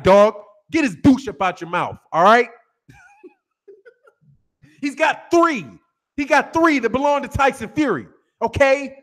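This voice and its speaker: A man's voice: very high voice, a bit bright. A man hosting a boxing channel, ranting in a brash, profane, trash-talking monologue.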